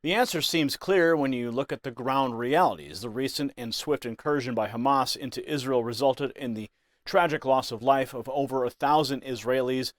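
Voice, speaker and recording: A man's voice: medium pitch, normal speed, no echo, clean studio sound. A man narrating a scripted news commentary in an ominous, emphatic way.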